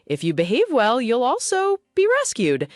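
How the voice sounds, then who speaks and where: A woman voicing an arrogant young noble boy who shouts and lectures indignantly. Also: a little high, huge pitch swings, normal speed, no room sound, clean studio sound, pitched above the performer's own voice. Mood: haughty.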